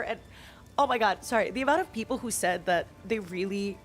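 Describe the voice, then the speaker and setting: A woman streamer talking in a candid, confiding and halting way as she chats live while gaming. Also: a little high, lively intonation, soft background music.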